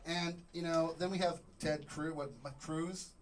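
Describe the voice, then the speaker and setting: A man doing a stand-up comedy set on a club stage, rambling and joking, acting out little scenes with sudden shouts. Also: fairly high pitch, level tone, a little slow, over music.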